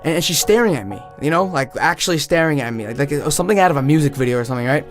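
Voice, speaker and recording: A young man telling a comic story in an animated, rambling way, full of 'like'. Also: fairly high pitch, racing, soft background music. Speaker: comedian.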